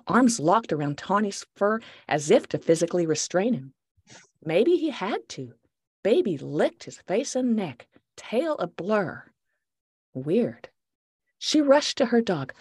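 A woman author reading her novel aloud in an expressive, unhurried storytelling manner over a video call. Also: fairly low pitch, breathy edge, no room sound, studio quality. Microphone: dry close mic on a video call.

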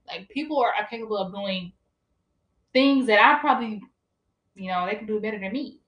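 A woman's voice: medium pitch, fairly quick, fairly bright tone. A young woman in college talking casually and animatedly about faith, laughing often and saying "like" a lot. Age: young adult. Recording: roomy echo.

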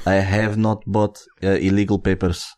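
A man's voice: deep voice, little pitch movement, moderate pace, a little mellow, pitched below the performer's own voice, lightly acted. A man voicing a shady Russian criminal with broken English and a put-on Russian accent, evasive about his papers.

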